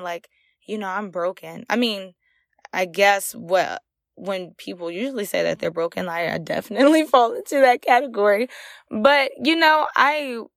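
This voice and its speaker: A woman's voice: medium pitch, a bit bright, no room sound, studio quality. A young woman hosting a solo podcast, telling a raw, emotional personal story with many fillers. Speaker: podcast host. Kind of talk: candid solo podcast monologue.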